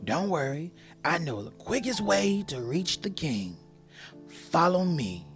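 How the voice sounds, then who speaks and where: A woman voicing a sly male fox in a storybook reading, speaking slowly in a low, soothing voice. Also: sing-song, faint music behind, heavily acted.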